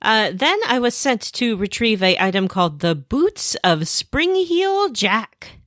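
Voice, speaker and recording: Animated woman retelling a game. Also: mid-range voice, normal speed, dry recording, studio quality. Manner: animated storytelling, acts out characters. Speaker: podcast co-host. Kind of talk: casual chat recapping a game.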